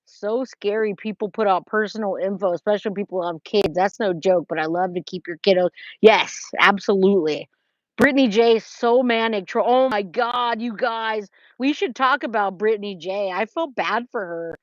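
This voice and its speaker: In a mid-range voice at a moderate pace, a woman reads chat on her casual livestream, greeting viewers by name and often restarting. She's from California and streams from a trailer. The recording is dry, lo-fi and slightly dull.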